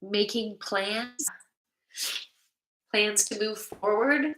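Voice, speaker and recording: Hosting a casual livestream, a middle-aged woman reads viewer comments aloud and chats, drawing out her words and leaving long pauses. Her mid-range voice is a bit bright, and the room echoes.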